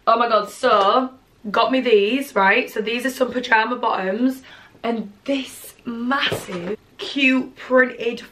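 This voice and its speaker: A woman, gushing excitedly through a casual gift haul at home and swearing freely. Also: fairly high pitch, takes it slowly, slight background noise. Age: 20s. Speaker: vlogger.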